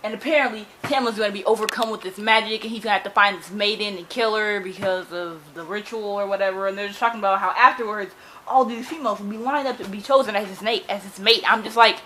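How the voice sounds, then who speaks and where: A young woman vlogging casually about a book she is reading, animated and exasperated, talking with many fillers while she is losing her voice. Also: medium pitch, fast, a little hiss or hum, poor audio. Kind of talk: casual reading reaction vlog.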